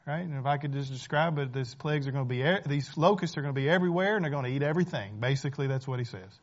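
A man preaching a sermon as pastor, talking conversationally, rising to emphatic points and dropping to hushed ones. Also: mid-range voice, rapid-fire, few pauses, highs cut off.

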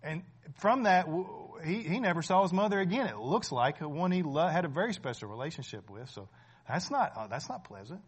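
This fortyish preacher keeps his sermon conversational, tossing in frequent "right?"s before climbing to loud, emphatic high points. He sounds somewhat high, sing-song, quick and husky.

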